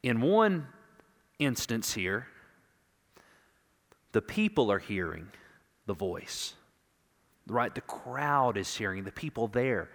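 A male pastor preaching an impassioned sermon, swinging from loud declarations to hushed, intimate moments and repeating words for emphasis. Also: on the low side, big pitch swings, takes it slowly, long pauses. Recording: long reverb of a large hall.

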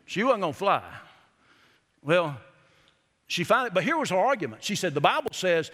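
A middle-aged man preaches in a church, telling folksy stories and slowing down to stress his key words. His voice sits high and rings bright and forceful. The sound carries a long reverb from the hall. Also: sing-song. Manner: folksy storytelling preacher, emphatic slowed phrases. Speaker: pastor. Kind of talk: sermon. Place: church sanctuary.

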